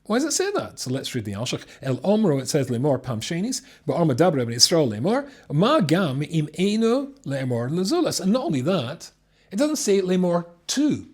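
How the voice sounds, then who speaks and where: A man's voice: high-pitched, moderate pace. A man, a rabbi, teaching a text class to a live audience, reading Hebrew lines and explaining them. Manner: lively, reads Hebrew text then explains it. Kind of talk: animated Torah class.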